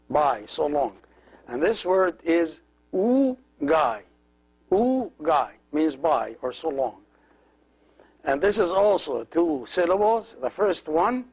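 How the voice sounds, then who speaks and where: A middle-aged man, a priest, giving a slow step-by-step language lesson, patiently explaining each letter as he writes it. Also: fairly high pitch, husky, rough recording.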